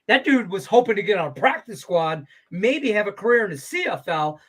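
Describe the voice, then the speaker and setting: A man's voice: high voice, a bit bright. A man hosting a sports betting show in casual, profane, rambling chat, laughing easily.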